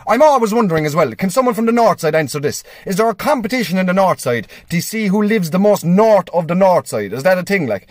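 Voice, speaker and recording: Cheeky young Cork comedian, fairly high voice. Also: male voice, animated, dry recording, clean studio sound. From Ireland. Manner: quick, cheeky storytelling. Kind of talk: stand-up sketch monologue.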